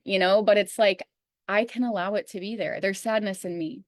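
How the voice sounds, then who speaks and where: A woman's voice: medium pitch, steady tone, normal speed, no echo, studio quality. A woman hosting an astrology reading, talking earnestly in a casual, coaching way with many "you know"s and "like"s. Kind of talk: casual spiritual talk.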